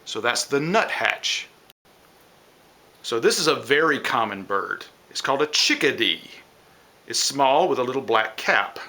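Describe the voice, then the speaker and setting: Guy teaching a kids' science lesson, bouncy pitch, bright voice, explains step by step, mimics bird calls. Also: big pitch swings, a little slow. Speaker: science educator for children.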